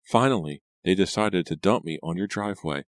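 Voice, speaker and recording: A man's voice: deep voice, fairly quick, dry recording, pitched above the performer's own voice, close to an everyday voice. A man voicing a frightened, shaky teenage girl in an audiobook, stammering and fretful. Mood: tearful.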